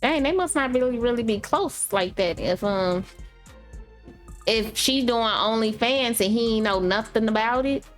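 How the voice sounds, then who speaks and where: A woman co-hosting a podcast in casual chat, thoughtful and unhurried, often trailing off with fillers. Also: fairly high pitch, faint music behind. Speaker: podcast co-host.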